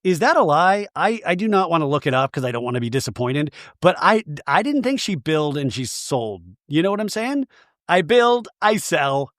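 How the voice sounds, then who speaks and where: A man hosting a podcast, giving a comedic TV recap in an animated, giggly way and acting out quotes in funny voices. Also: on the high side, a little fast, few pauses, dry recording, studio quality. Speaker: podcast host.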